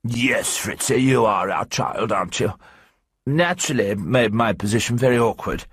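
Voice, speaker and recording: A man's voice: on the low side, animated, moderate pace, husky, no echo, clean studio sound. A man voicing a stout, talkative English journalist with an eager, ingratiating manner. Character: stout chatty English journalist husband, middle-aged.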